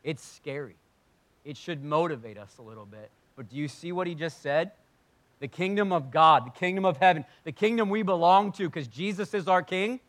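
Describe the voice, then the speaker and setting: A man preaching a sermon as a church pastor, animated, acting out voices and dropping to soft, intense moments. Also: fairly high pitch, moderate pace. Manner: animated, acts out voices of Bible figures, drops to soft intensity. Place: church sanctuary.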